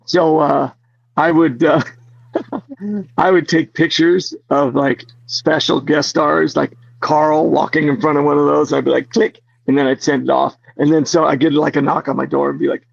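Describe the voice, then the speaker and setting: A man being interviewed as an actor guest, telling stories in an animated way, laughing often and full of fillers. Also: fairly high pitch, moderate pace, creaky, no echo, muffled recording. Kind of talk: casual interview storytelling.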